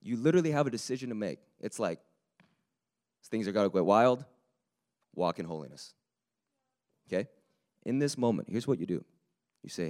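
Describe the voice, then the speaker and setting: Raspy low-voiced male preacher. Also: moderate pace, long pauses. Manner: lively and conversational, building to emphatic peaks. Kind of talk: sermon.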